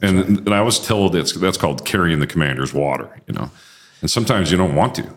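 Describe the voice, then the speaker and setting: A man co-hosting a casual discussion, telling stories about his own experience and giving quoted people animated voices. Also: deep voice, quick pace. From military background.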